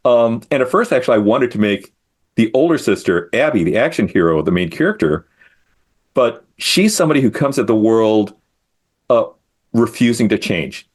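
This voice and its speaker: A man's voice: mid-range voice, very animated, moderate pace. A middle-aged man, a comic creator, talking casually as a guest in an interview, thoughtful and self-deprecating as he explains his work.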